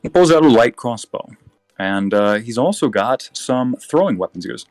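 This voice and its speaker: As game master for a tabletop game, a man narrates in a relaxed manner, using lots of fillers and correcting himself often. His voice is mid-range at a normal speed, and the dry recording has faint music in the background.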